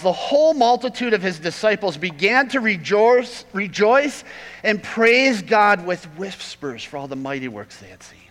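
A man preaching a sermon as pastor, swinging from loud emphatic peaks to quiet asides. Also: sits high, long reverb tail, low-quality recording.

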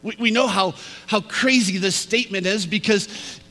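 A male pastor preaching a storytelling sermon, slowing down and dropping to a hush for emphasis. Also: sits high. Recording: reverberant hall.

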